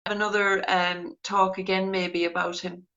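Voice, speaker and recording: A woman's voice: medium pitch, little pitch movement, normal speed, fairly bright tone. A woman hosting a live video chat in a chatty, easygoing manner, laughing along often. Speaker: host. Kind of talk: casual chat. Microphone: video call. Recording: dull lo-fi call audio.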